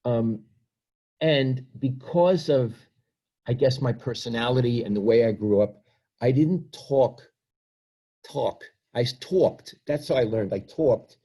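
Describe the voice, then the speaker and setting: His mid-range voice is warm and slow-paced. The septuagenarian Brooklyn author reads from his work, then talks about himself reflectively, poking fun at himself.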